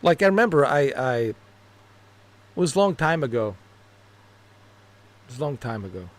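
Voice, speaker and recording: A man's voice: medium pitch, very animated, normal speed. A man streaming games, telling rambling stories in casual chat, laughing at his own jokes and cursing freely. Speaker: gaming streamer.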